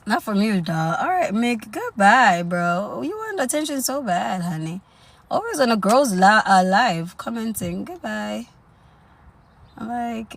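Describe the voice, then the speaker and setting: A woman's voice: mid-range voice, lively intonation, moderate pace, fairly bright tone. Woman livestream host, casual coaching talk, sassy and chatty, quips at commenters. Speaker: self-improvement livestream host.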